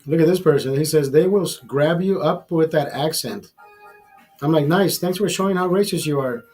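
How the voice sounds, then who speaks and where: A man talks casually on his livestream with a slightly raised, husky voice. He rambles, repeats phrases and swears freely. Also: fairly high pitch, normal speed, darkish tone, faint music behind. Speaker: livestream host.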